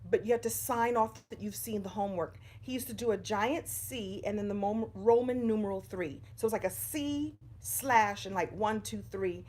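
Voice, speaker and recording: A woman's voice: mid-range voice, normal speed, few pauses, a little mellow. A middle-aged woman giving a live-streamed inspirational talk from her home in front of a bookshelf, chatty and greeting viewers by name. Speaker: motivational speaker on a livestream.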